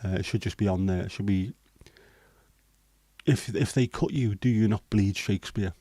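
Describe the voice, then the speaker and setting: Liverpool-accented man, livestream host, casual rambling chat, mellow tone, dry close sound. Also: on the low side, normal speed, no echo. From Liverpool, England. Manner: rambling, hesitant with many ums, mildly sweary banter. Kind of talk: casual chat answering viewer comments.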